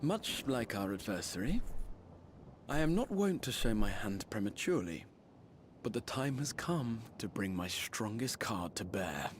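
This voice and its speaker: A man streaming a game reads the lines of an earnest, noble young male mage leader in a solemn, measured way. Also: lowish voice, sing-song, a little hiss or hum. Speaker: streamer reading game dialogue aloud. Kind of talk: fan voice reading of game cutscene lines. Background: game music.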